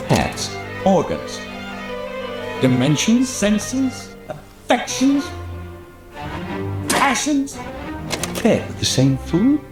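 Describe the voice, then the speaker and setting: Brief: a slow, declaiming stage orator, wildly swinging pitch, echoey space. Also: male voice, full character voice. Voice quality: declamatory, swelling and dropping. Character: impassioned man reciting a stage speech. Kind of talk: theatrical monologue from a film.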